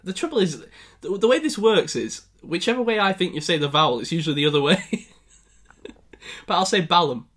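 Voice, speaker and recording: A man's voice: sits high, sing-song, brisk, a bit bright. A man playing a pronunciation quiz, laughing often and mocking his own guesses. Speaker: quiz contestant. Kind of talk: casual game chat.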